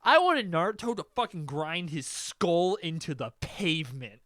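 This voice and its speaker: A man hosting a podcast, talking in an excitable, profane, animated way in casual chat. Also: fairly high pitch, moderate pace, no echo, clean studio sound. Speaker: podcast host.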